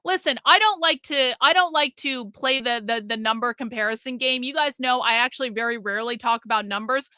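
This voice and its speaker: A woman's voice: a little high, brisk, few pauses, sharp tone, no room sound. A woman hosting a live stream, ranting in a profane, combative way with a sarcastic, mocking edge, stopping to read and thank viewers' super chats.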